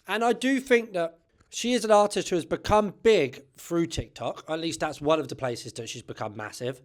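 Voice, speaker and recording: A man's voice: fairly high pitch, moderate pace. A man hosting a music channel, giving chatty, opinionated commentary and often tagging sentences with "right?". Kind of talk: casual commentary to camera.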